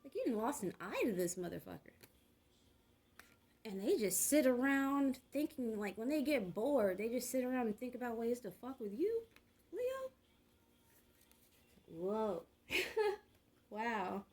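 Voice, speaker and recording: A woman's voice: on the high side, animated, normal speed, a little mellow, low-quality recording. A woman reading tarot cards, musing and murmuring card words to herself in a slangy, chatty way. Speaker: tarot reader.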